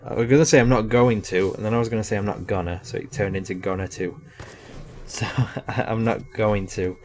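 Low-voiced young man rambling over gameplay. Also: fairly even intonation, brisk. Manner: casual, rambling, self-deprecating with laughs. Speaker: gaming commentator. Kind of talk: live gameplay commentary.

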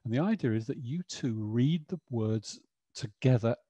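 Husky, mellow man presenting. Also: medium pitch, animated, normal speed, no echo. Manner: chatty, explanatory, frequent "you know". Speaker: webinar presenter. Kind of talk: educational webinar talk.

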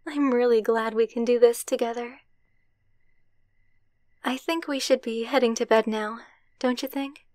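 A woman's voice: a little high, no room sound, studio quality, close to an everyday voice. A woman voicing a foul-mouthed tsundere girlfriend. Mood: tender. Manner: swears a lot, gruff then embarrassed. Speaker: ASMR roleplay voice actor. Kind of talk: ASMR roleplay voice message.

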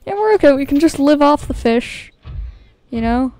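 A woman's voice: high-pitched, animated, normal speed, warm tone. A woman commentating her own gameplay, easily startled, nervously repeating herself and talking straight to her viewers. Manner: talks to her viewers directly. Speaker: video game streamer. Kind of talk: let's-play gameplay commentary.

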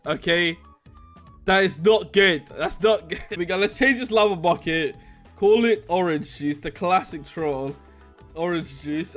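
Male gamer host, high voice, slow easy delivery, keeps breaking into giggles. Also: fairly bright tone. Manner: giggly, laughs through his lines. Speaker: YouTuber playing a game. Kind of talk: casual gameplay commentary.

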